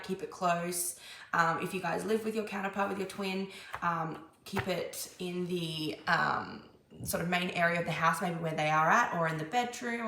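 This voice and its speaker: A woman's voice: fairly low pitch, creaky, fairly bright tone, slight background noise. A woman tarot reader musing aloud in a casual, meandering channeling session, with lots of ums and restarts. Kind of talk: casual spiritual channeling monologue. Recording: echoey room.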